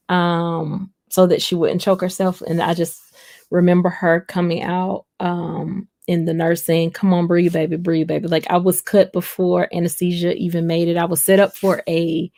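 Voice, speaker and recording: Woman, casual live chat, storytelling, gravelly, dry. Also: lowish voice, darkish tone, no echo. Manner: storytelling, addresses viewers as y'all. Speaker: live-stream host.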